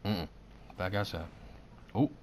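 A man's voice: low-pitched, slow pace, very noisy. A man giving live gameplay commentary, swearing and trash-talking as he reacts to the match. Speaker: gaming commentator.

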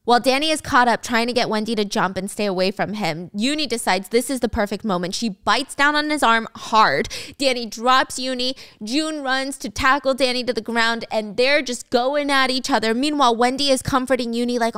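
A young woman narrates a dramatic story with casual, wry asides. Her voice sits a bit high and sounds smooth and clear. It is recorded close and dry. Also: brisk, few pauses, fairly bright tone, no room sound. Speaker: storytime podcast host.

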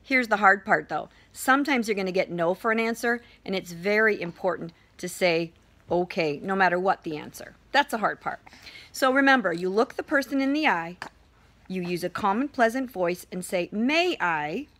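A woman's voice: medium pitch, expressive, normal speed, a bit bright. An older woman giving cheerful, teacherly morning announcements to a school from her home.

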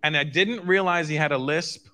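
A man performing a stand-up comedy routine, telling animated stories and slipping into acted voices. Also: fairly high pitch, normal speed, a little hiss or hum.

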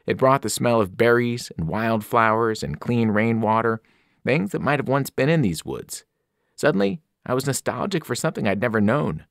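A man's voice: mid-range voice, lively intonation, moderate pace, vocal fry, no room sound. Dude reading a novel to his class, lots of ups and downs, dry close mic. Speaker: teacher reading aloud. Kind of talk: audiobook narration.

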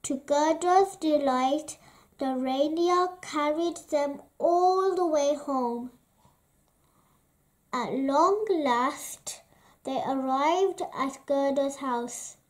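A woman reads a children's storybook aloud, gentle and expressive. Her voice sits high, and she takes every phrase very slowly, pausing between them. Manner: slow, gentle, expressive reading. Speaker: storybook reader.

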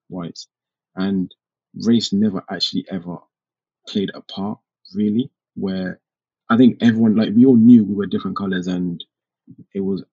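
A man's voice: low voice, creaky, a little mellow, husky. A man co-hosting a podcast, talking earnestly in casual discussion and thinking aloud as he goes. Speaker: podcast co-host. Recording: slightly dull lo-fi recording.

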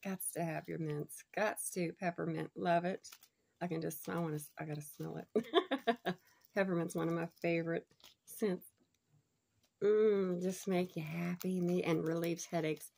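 A bubbly woman with a light twang, chatting away as she unboxes a gift and gushes over every item. Her voice sits on the low side with a gravelly fry running through it. She talks casually and laughs easily. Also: fairly even intonation, measured pace, a little mellow. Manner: bubbly and gushing, laughs often. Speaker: unboxing vlogger.

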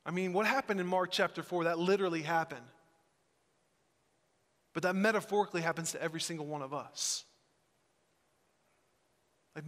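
Animated man preaching in a reverberant church. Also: a little high. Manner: conversational and animated, acts out voices in quotes. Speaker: pastor. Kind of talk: sermon. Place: church sanctuary. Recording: church sanctuary with long reverb.

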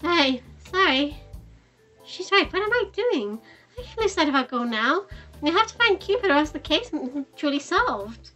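A woman's voice: sits high, big pitch swings, moderate pace, bright, forceful tone, faint music behind, voice pushed up, exaggerated voice. A woman voicing a doubtful, easily flustered young female cop.

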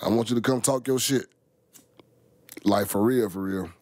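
A man's voice: on the low side, normal speed, a little mellow, dry recording. A middle-aged man, rambling casually to his viewers, full of slang and swearing. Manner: profane, rambling, heavy slang. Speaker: vlogger.

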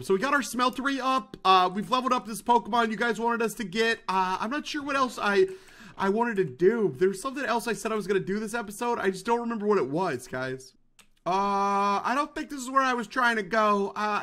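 A hyper male gaming YouTuber with a very high, sharp, bright voice that swings all over the place. He narrates his play loudly and excitably, repeating himself and calling his viewers dudes. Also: brisk. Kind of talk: excited let's-play commentary.

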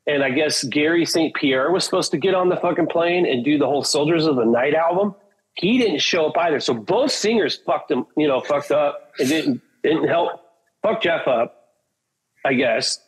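A man with a husky, slightly raspy voice that sits a bit high for a man. He tells long, profane, rambling stories in a casual chat and acts out the lines of the people in them. He is a metal singer from Portland, Oregon. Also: animated, normal speed, poor audio. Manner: profane, rambling anecdotes with acted-out quotes. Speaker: guest, metal band singer.

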